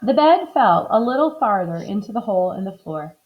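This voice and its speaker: A woman reading a children's book aloud in an expressive, animated way. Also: medium pitch, brisk. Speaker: storybook reader. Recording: slightly dull lo-fi recording.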